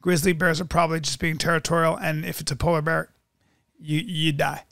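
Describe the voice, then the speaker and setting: A man's voice: on the high side, level tone, brisk, creaky, a bit bright, no room sound, studio quality. A man hosting a podcast, chatting casually with enthusiastic, profane reactions. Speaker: podcast host. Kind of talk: casual chat.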